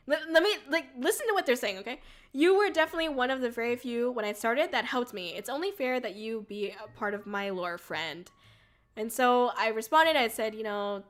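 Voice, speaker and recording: A woman's voice: a little high, fairly bright tone. A young woman streamer telling a rambling story in casual chat, full of "like" and "um", swearing and laughing often. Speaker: VTuber streamer.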